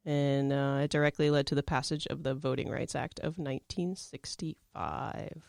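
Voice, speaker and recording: A man's voice: medium pitch, fairly even intonation, moderate pace, creaky, dry recording, clean studio sound. A young man in his twenties, co-hosting a casual chat, reading facts aloud with many fillers and restarts.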